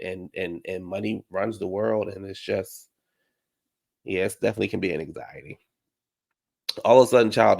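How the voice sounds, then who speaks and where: A man with a gravelly, fry-tinged voice chats through a reality show recap. He is sassy and dramatic, full of slang, and keeps jumping into high, mocking put-on voices when he quotes people. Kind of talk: casual recap chat.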